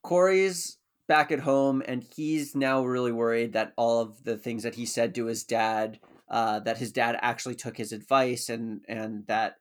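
A man's voice: medium pitch, flat delivery, measured pace, few pauses. A man co-hosting a podcast, walking through a TV episode's plot in an easygoing, conversational way. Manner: easygoing storyteller, with some filler "uh"s. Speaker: podcast co-host. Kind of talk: casual episode recap chat.

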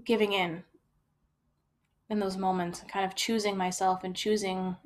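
A young woman talks through a personal story, candid and reflective. She circles back, restarts phrases and leans on fillers as she thinks aloud. Her pitch sits in an ordinary middle range. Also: level tone, moderate pace. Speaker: storyteller sharing personal experience.

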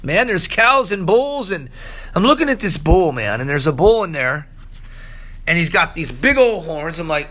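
A man preaching a sermon, telling stories with big swings between loud excitement and hushed, low moments. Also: unhurried. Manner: animated storytelling preacher, swinging from loud highs to hushed lows. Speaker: pastor.

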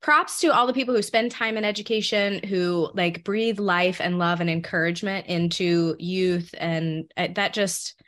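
A woman's voice: fairly low pitch, fairly even intonation, moderate pace, hardly any pauses, a bit bright. A woman co-hosting a podcast, talking emphatically and indignantly on her guest's behalf. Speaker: podcast co-host. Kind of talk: supportive podcast conversation.

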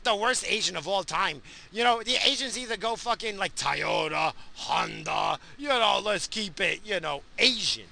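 A man in his forties ranting crudely from inside his car, yelling now and then at other drivers. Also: on the high side, expressive, moderate pace, gravelly, slight background noise. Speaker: vlogger. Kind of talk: casual profane rant.

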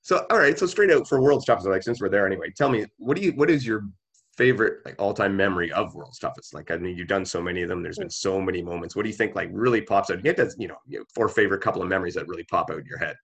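A man with a very low, husky voice hosts the chat. He talks fast and rewords his questions as he goes. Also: a bit bright. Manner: rambling, rephrases his questions. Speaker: podcast host. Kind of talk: casual interview questions.

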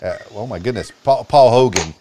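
A man's voice: lowish voice, normal speed, noisy background. A man from Miami hosting a podcast interview in a neutral American broadcaster accent, stammering and restarting often. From Miami, Florida, USA. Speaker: podcast host. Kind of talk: casual interview chat.

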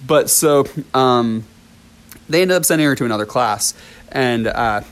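A man of ordinary mid pitch recounts a story for his vlog audience. He talks casually, breaking into laughs and sprinkling in ums and false starts. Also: unhurried, clean tone. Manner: chatty storytelling with laughs, filler ums and restarts. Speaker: dance teacher.

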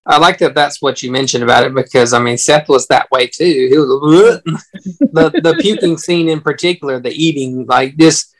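A man's voice: fairly high pitch, moderate pace, rough recording. A man talking through a film in a casual chat, rambling earnestly with frequent restarts.

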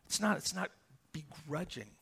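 A pastor giving a sermon, reading scripture verses aloud and explaining them with stories and asides. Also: male voice, a little high, expressive, normal speed, creaky, a bit bright, husky.

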